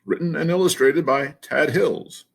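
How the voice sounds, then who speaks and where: A man reading a picture book aloud as storyteller, in a slow, playful and expressive way. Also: on the high side, creaky.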